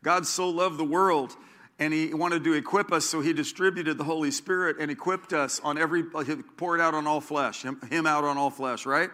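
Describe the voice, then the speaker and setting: A male preacher delivering a sermon in a bright, forceful voice pitched a little high. He is emphatic and often repeats key phrases slowly so listeners can take notes. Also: steady tone.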